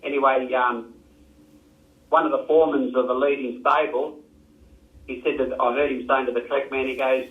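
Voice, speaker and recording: A man's voice: medium pitch, steady tone, moderate pace, long pauses. An older Australian man, a retired jockey, telling rambling stories and acting out what others said. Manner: rambling, repeats himself, acts out quotes. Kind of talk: casual storytelling. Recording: echoey, tinny phone-like sound.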